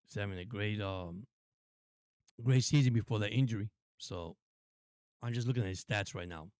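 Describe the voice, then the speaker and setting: A man hosting a live stream, giving casual, excitable play-by-play commentary. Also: fairly low pitch, moderate pace, no echo, clean studio sound. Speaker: sports stream host.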